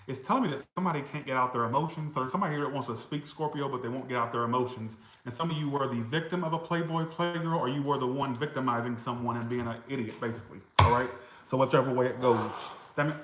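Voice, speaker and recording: A chatty man talks through a casual tarot reading, answering viewers and slipping in the odd swear word and laugh. His voice sits at a middle pitch. The room around him adds a noticeable echo. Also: fast, a bit bright. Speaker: tarot reader.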